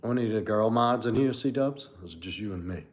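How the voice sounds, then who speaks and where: Brisk and lowish-voiced, a man in his forties coaches on a casual livestream, giving blunt, candid, profane answers to viewer comments filled with "like" and "you know."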